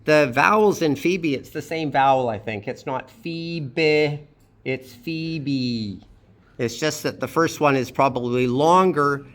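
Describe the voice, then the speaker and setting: A man's voice: medium pitch, moderate pace, few pauses, a bit bright. A man teaching pronunciation and reviewing his students' phonetic transcriptions, patiently drawing out each sound as he demonstrates it.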